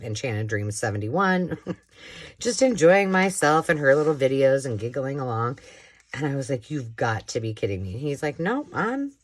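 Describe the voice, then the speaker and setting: A middle-aged woman hosting a home crafting vlog, chatting and telling a rambling story while she works, laughing and acting out the voices of the people in it. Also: deep voice. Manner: rambling, animated storyteller who laughs often and acts out quoted voices. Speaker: craft channel host.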